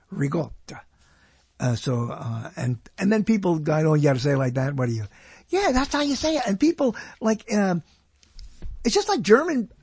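A man's voice: high voice, darkish tone, slightly rough, no room sound. A man hosting a radio show, rambling casually and laughing at himself as he goes.

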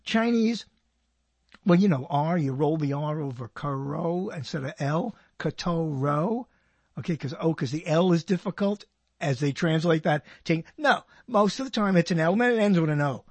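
A man's voice: a little high, expressive, normal speed, darkish tone, breathy edge, no echo. An older man hosting his own radio show, rambling and joking to himself, often breaking off mid-sentence. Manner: rambling, self-interrupting, joking. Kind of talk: rambling solo monologue.

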